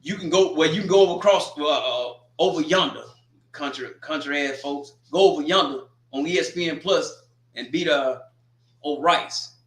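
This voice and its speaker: A man hosting a casual sports preview, animated and teasing as he calls out teams directly. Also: a little high, normal speed, roomy sound. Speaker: sports show host.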